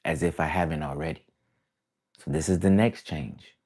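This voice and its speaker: A man's voice: very deep voice, moderate pace, darkish tone. A man from the East Coast of the United States, an artist talking casually to his viewers in a rambling, reflective way full of slang. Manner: rambling, reflective, peppered with "bruh" and "y'all". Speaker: artist vlogger. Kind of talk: casual talk to camera.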